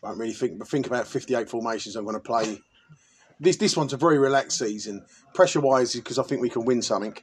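A man's voice: mid-range voice, quick pace, breathy edge. A man hosting a podcast, chatting casually and telling rambling, sweary jokes. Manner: banter, swearing, rambling storytelling. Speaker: podcast host. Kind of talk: casual chat.

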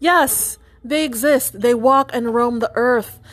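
A woman's voice: fairly high pitch, slow. A woman telling a personal story in a casual, chatty way, full of fillers and restarts and acting out the voices of the people in it. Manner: animated, chatty, many fillers and restarts, acts out quoted voices. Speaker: storyteller and psychic nurse.

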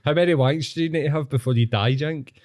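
A man's voice: a little high, quick pace, a little mellow, no room sound, clean studio sound. A man with a Scottish accent hosting a podcast, joking and laughing through crude banter. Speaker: podcast host. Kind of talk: casual chat.

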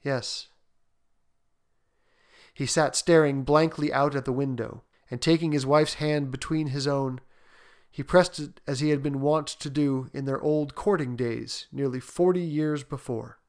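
A man narrating a classic story aloud in an even, unhurried manner. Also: mid-range voice. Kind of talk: audiobook narration.

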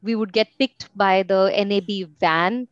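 A woman's voice: mid-range voice, steady tone, a little slow, no room sound. A young woman from India, a guest in an interview, telling her story reflectively with frequent fillers. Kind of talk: casual conversational interview. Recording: slightly muffled, dry sound.

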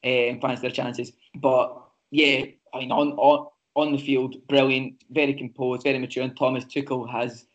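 A man co-hosting a football podcast, talking through match analysis in a measured, casual way with frequent ums and restarts. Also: mid-range voice, flat delivery. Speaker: podcast co-host. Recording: slightly muffled lo-fi audio.

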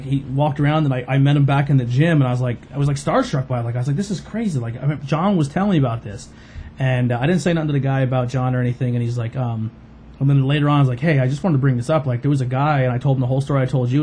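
Warm and mid-range, a man's voice hosts a podcast, telling a long, casual, rambling story. He relies on many fillers and acts out quoted voices, with a little hiss or hum in the recording.

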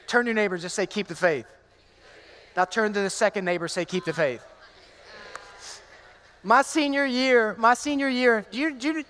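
A male pastor giving a lively, conversational sermon, calling out to the congregation in a large church sanctuary. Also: sits high, smooth. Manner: energetic, conversational, calls out to the congregation. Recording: long hall reverb in a church.

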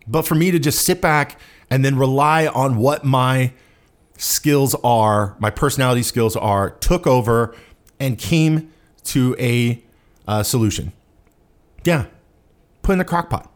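A man's voice: medium pitch, animated, unhurried. Profane, rambling man musing aloud. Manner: profane, rambling, self-assured. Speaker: podcast host. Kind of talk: casual solo monologue.

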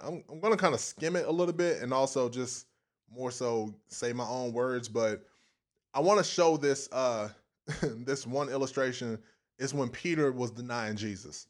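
A man preaching a casual, folksy sermon, repeating phrases and stopping now and then to chuckle. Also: mid-range voice.

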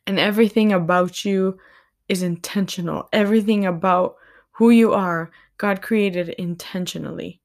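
A woman's voice: mid-range voice, fairly even intonation, moderate pace. A woman hosting a faith-based podcast, speaking earnestly and tenderly to her listeners, near tears. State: tearful, near crying. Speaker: podcast host.

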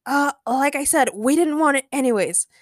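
An excitable young man who teases and cheers his way through the trip, as a woman reads him. The voice runs high and bright-eyed, with a close, dry sound. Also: normal speed, no echo. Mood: excited. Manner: eager and teasing.

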